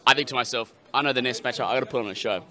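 A man on a live podcast, recounting a match in animated, laughing banter. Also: medium pitch, very fast. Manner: animated, laughing, acts out crowd reactions. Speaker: podcast co-host.

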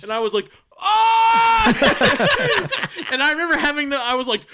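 A young man co-hosting a podcast in casual chat, an animated storyteller who swears freely and acts out quotes loudly. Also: very high-pitched, racing, heavy background noise. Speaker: podcast co-host.

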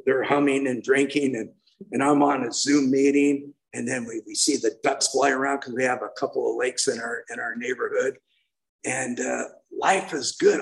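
A man's voice: medium pitch, gravelly, a bit bright, low-quality recording. A man in his sixties giving a heartfelt, rambling personal share as main speaker at a recovery meeting, often restarting his sentences.

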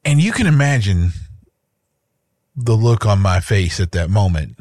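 A man's voice: lowish voice, lively intonation, measured pace, darkish tone, dry recording. A man in his thirties, a podcast co-host, chatting casually and telling a personal story in a rambling way, with many restarts. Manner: rambling, with frequent restarts and repeated words.

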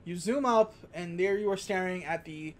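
A podcast co-host in a loose, casual chat, recapping a film scene by scene. The voice sits at a middle pitch, and the host keeps dropping into brief put-on voices for the characters. The delivery is chatty and unscripted. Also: normal speed.

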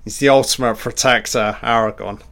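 A man giving casual, excitable commentary on a film as he watches it, swearing freely and reacting aloud to each scene. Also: medium pitch, moderate pace, vocal fry.

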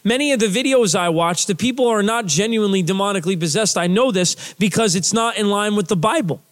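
A man with a notably high speaking voice preaches a sermon in a loose, chatty way. He stumbles into fillers and restarts, then hammers home the same short phrases again and again. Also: quick pace. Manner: emphatic repetition of key phrases. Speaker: pastor.

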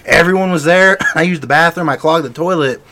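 A man guesting on a casual podcast chat, telling an animated story and laughing often. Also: fairly high pitch, a little fast.

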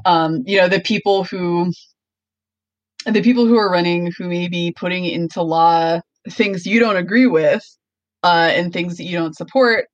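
A woman's voice: lowish voice, fairly even intonation, moderate pace, dry recording, muffled recording. A young woman co-hosting a podcast, chatting casually and full of likes and ums. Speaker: podcast co-host. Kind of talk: casual chat.

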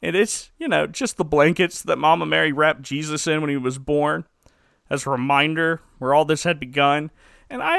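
A man's voice: on the high side, gravelly, fairly bright tone, no room sound, clean studio sound. A man hosting a podcast, giving a wry, joking recap with chuckles in a casual comedic style. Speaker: podcast host.

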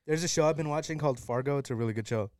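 Fast-talking excitable man, dry mic. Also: medium pitch, no echo. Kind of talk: casual chat.

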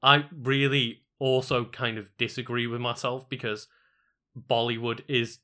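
A man's voice: medium pitch, little pitch movement, unhurried, sharp tone. A man co-hosting a stream in casual chat, rambling with many fillers and some swearing.

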